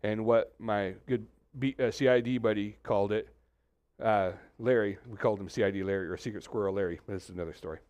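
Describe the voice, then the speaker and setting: A man preaching a conversational sermon as pastor, animated, acting out quoted voices, with many restarts. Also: on the low side, fast, no echo. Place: church suite, indoors.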